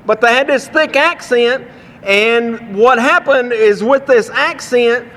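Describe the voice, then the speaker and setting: A man from Texas with a Texan accent, preaching a sermon with folksy stories and slowing down to read scripture. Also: extremely high pitch, a bit bright, big-room sound.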